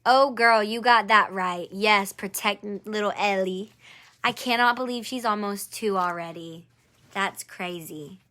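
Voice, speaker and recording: A woman's voice: medium pitch, a little slow, pushed and bright. A woman doing a live-streamed angel card reading. She speaks to one viewer by name, encourages her, and repeats her phrases.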